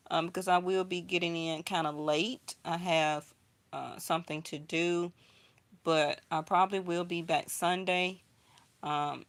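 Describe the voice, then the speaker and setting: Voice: medium pitch, a bit bright, no echo. A tarot reader giving a casual, blunt reading to viewers, with frequent "um"s and restarts and a habit of checking in with "okay?".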